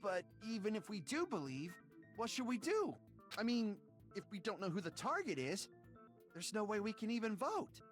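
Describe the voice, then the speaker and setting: A woman's voice: medium pitch, sing-song, normal speed, faint music behind, close to an everyday voice. A woman voicing a worried young classmate in a video game, asking anxious questions.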